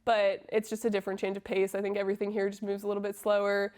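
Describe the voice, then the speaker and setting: A college soccer player in her twenties, originally from Massachusetts, talks through interview questions in a casual, friendly way. Her pitch stays fairly level and flat, and she leans on "um" between thoughts. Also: fast talker. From Massachusetts, USA. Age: 20s. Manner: friendly, lots of um fillers.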